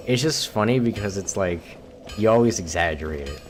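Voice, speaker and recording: Low-voiced rambling American gamer man. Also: animated, fairly quick, slight background noise. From United States. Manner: rambling, swears freely, self-deprecating. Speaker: gameplay commentator. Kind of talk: casual let's-play commentary. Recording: game music playing clearly behind.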